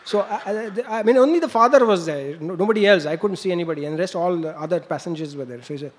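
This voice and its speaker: A man's voice: high voice, lively intonation, fast talker. A man preaching, telling a story with laughs and sound effects. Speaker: monk preacher. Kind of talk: storytelling sermon.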